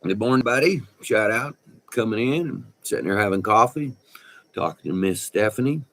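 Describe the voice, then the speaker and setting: Slow deep-voiced man, folksy. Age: 60s. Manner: folksy, profane, animated storyteller. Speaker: vlogger. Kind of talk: rambling storytelling. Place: indoors by a window.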